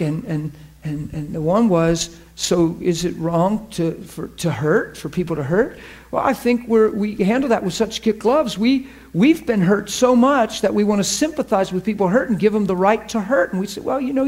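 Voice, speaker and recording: A man preaching a sermon to a class, emphatic and fervent, often asking the audience questions and laughing with them. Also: sits high.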